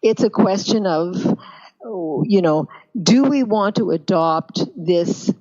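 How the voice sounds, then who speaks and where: A Canadian woman being interviewed as a pronunciation coach, talking in a measured, thoughtful way. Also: medium pitch, animated, warm tone, lo-fi sound. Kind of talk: casual interview talk.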